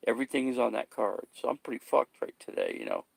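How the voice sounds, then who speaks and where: A man's voice: mid-range voice, huge pitch swings, quick pace, gravelly, dry recording. A man talking casually to his camera, rambling, swearing and repeating himself as he gets worked up. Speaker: vlogger.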